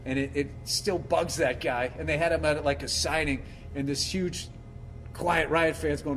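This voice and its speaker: A middle-aged man with a voice on the high side rambles through a casual, profane monologue at normal speed, faint music playing behind him. He tells stories animatedly, acting out other people's lines.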